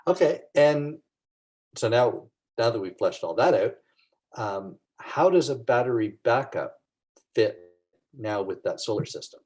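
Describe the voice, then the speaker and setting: A man's voice: medium pitch, expressive, a little slow, a little mellow, slightly rough. A man hosting a webinar over a video call, asking curious questions and recapping the answers back in plain terms. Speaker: webinar host.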